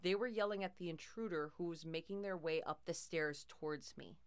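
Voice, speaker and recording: Clear-voiced woman reading a horror story. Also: fairly low pitch, normal speed. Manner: dramatic, tense storytelling. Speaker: narrator.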